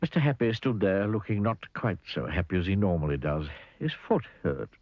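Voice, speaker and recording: A man narrating a children's cartoon story, playful and expressive, asking the listener questions. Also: deep voice, normal speed, no room sound, lo-fi sound.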